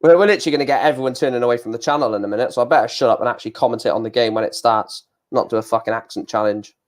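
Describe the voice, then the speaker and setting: A man's voice: mid-range voice, very fast. A young man streaming a football watchalong, chatting in a rambling, jokey, self-deprecating way at a desk microphone. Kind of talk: live football watchalong commentary.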